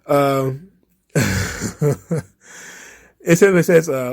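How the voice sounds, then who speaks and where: Animated, mocking male commentary host. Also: on the high side, moderate pace. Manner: laughing, mocking, profane, lively. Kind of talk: casual commentary reading tweets.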